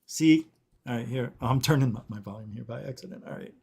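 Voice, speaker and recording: A man's voice: medium pitch, brisk, vocal fry, darkish tone, a little hiss or hum. A man guest on a casual chat show, eagerly explaining his recordings in a chatty way.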